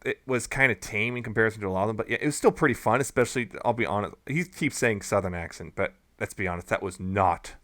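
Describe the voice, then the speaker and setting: A man's voice: on the low side, fast, few pauses, pushed and bright, no echo. A man co-hosting a fan podcast, giving frank, hedging opinions in casual chat. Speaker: podcast co-host.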